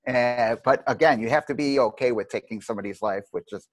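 A middle-aged man, a martial arts teacher, telling long anecdotes in a rambling, animated way with many restarts. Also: medium pitch, a little fast, no room sound. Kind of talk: casual storytelling interview.

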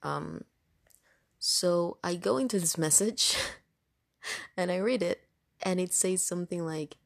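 A woman's voice: lowish voice, slow, creaky, pauses often, no room sound, clean studio sound. A woman telling a story in casual chat, rambling along with lots of fillers. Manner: chatty, rambling with many fillers. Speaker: storytime vlogger.

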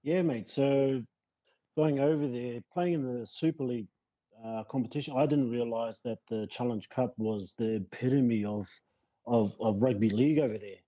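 A New man chats as an interview guest in an easygoing, rambling way, dotted with ums and likes. His voice is very dark and mellow. The sound is dry and close. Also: mid-range voice, normal speed, dry recording, rough recording. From New Zealand. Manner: relaxed, rambling with many fillers. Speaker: guest, rugby league player. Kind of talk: casual podcast interview.

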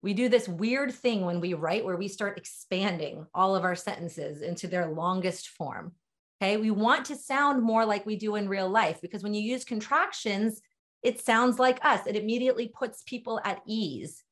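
A middle-aged woman leads a webinar training talk on sales writing. Her voice is mid-range at a normal speed, and her delivery is emphatic, direct and conversational.

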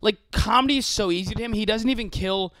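A man's voice: high voice, fast talker, a bit bright, no echo, clean studio sound. A male comedian in casual, profane chat, rambling with lots of fillers and breaking into impressions. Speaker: comedian, podcast co-host.

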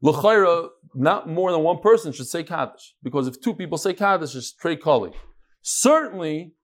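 A man teaching a Talmud class live, lively and joking, with Hebrew and Yiddish terms all through his talk. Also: fairly high pitch, moderate pace. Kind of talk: daf lesson to a live class.

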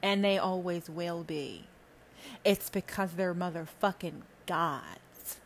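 A woman podcast host delivering a heavily profane, preachy spiritual rant that swings between loud emphasis and low asides. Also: takes it slowly, a little hiss or hum.

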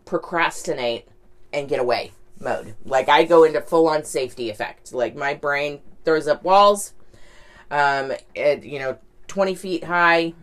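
A woman's voice: sits low, a little slow. A woman talking candidly in a casual reflective monologue, rambling, with lots of "like" and "right?".

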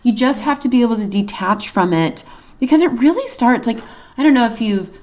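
A woman's voice: on the high side, lively intonation, fairly quick, darkish tone. A woman co-hosting a casual advice conversation, chatty with lots of fillers, who acts out the things she would say to friends. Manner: chatty, frequent "like" and "you know" fillers. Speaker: podcast co-host.

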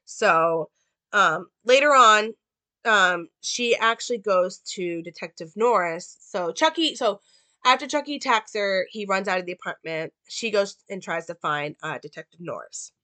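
A woman's voice: medium pitch, a little slow, bright, forceful tone, dry recording. A woman giving casual film commentary in a chatty, rambling way with many fillers. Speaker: movie reviewer.

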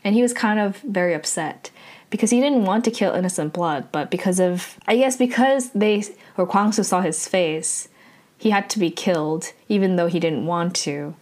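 A woman casually recapping a drama episode, talking in a loose, chatty way, full of "like" fillers and quick self-corrections. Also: lowish voice, darkish tone.

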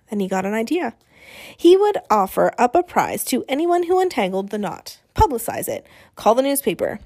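A woman reading a children's novel aloud as an audiobook narrator, with lively storytelling. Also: fairly high pitch. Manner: lively storytelling, voices characters. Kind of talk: scripted narration.

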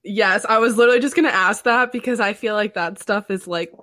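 A woman's voice: mid-range voice, a little fast, fairly bright tone, no room sound, studio quality. A woman in a casual chat who laughs often and asks eager follow-up questions.

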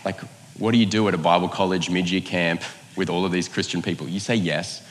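A fairly low-pitched man preaching, mixing a personal story with the sermon's point. His delivery is casual and self-mocking, with quick asides and acted-out quotes. The voice carries a long reverb, as from a church hall. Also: steady tone, a little hiss or hum. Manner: conversational, self-mocking, acts out quoted lines. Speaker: pastor.

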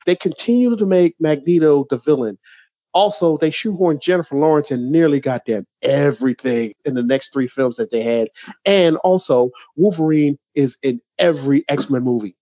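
A man's voice: on the high side, normal speed, dry recording, highs cut off. A man co-hosting a podcast, ranting in casual chat with lots of restarts. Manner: animated, ranting, many restarts. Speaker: podcast co-host.

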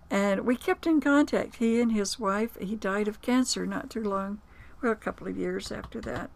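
A woman with a gravelly, creaky edge to her voice speaks as an interview guest. She tells personal stories in a reflective, conversational way, with small hesitations and acted-out quotes. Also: mid-range voice, normal speed. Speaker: author and producer, interview guest. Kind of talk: conversational storytelling.

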